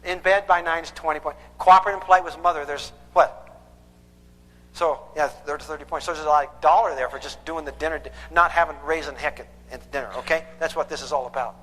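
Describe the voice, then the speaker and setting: A man's voice: a little high, fairly even intonation, brisk, fairly bright tone. A man giving a parenting seminar, emphatic and lecturing, who keeps quizzing his audience with questions. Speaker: parenting counselor. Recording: echoey hall with long reverb.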